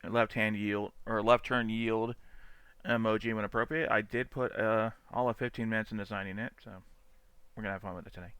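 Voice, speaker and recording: A man talks through dash cam clips in a casual streamer way, chatty and quick to laugh or swear. His voice is bright and crisp. The sound is dry and close. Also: fairly low pitch, flat delivery, no room sound. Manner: chatty, laughs often, swears freely, mimics angry drivers. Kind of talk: casual live-stream commentary.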